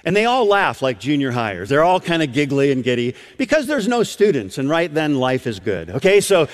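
A man preaching a sermon, telling stories in an animated way and often restarting his phrases. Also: on the high side, normal speed, long reverb tail. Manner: animated storytelling with repeated restarts.

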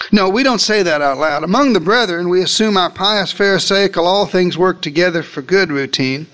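A man preaches in a high, light voice, telling the story as if he were one of the disciples. He swings between loud, emphatic lines and hushed asides. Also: expressive, normal speed. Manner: dramatic storytelling, speaking as a disciple. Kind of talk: sermon.

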